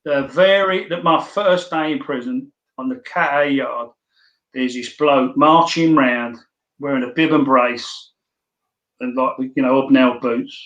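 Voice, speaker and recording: A man's voice: medium pitch, a little slow, fairly bright tone, dull audio. A man, a podcast guest, telling blunt, swearing anecdotes in casual storytelling. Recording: roomy echo.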